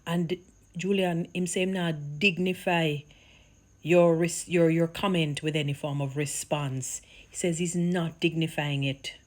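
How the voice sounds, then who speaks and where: A woman from Jamaica with a Jamaican accent, chatting casually to her viewers, animated and laughing, slipping into Patois. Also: deep voice, measured pace. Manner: animated, mixes Patois into chat, laughs often. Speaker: vlogger.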